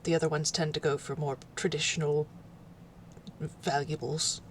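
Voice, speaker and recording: A woman playing a tabletop role-play, talking hesitantly with many pauses and fillers. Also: low voice, little pitch movement, a little hiss or hum. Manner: hesitant, lots of ums and trailing off. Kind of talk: casual in-character role-play chat.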